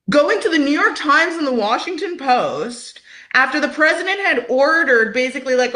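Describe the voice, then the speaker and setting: Bright, animated woman commentator. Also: fairly high pitch. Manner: fast, animated, fills with "like". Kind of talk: clip of political commentary.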